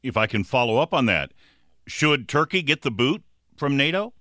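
Bright-voiced male news interviewer. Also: medium pitch, big pitch swings, no echo, studio quality. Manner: direct, brisk questions. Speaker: radio interviewer.

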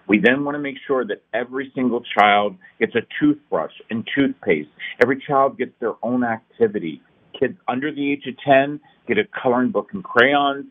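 This middle-aged man has a fairly low voice with a breathy edge. As a nonprofit founder being interviewed, he shares his story with earnest, emphatic passion that builds to rousing peaks, over a tinny phone-like line.

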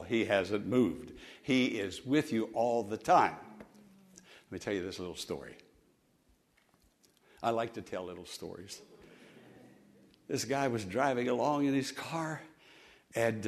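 A pastor preaching a sermon to his congregation, rising to loud emphatic peaks and dropping to hushed storytelling, leading them in call-and-response. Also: mid-range voice. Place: church sanctuary with congregation.

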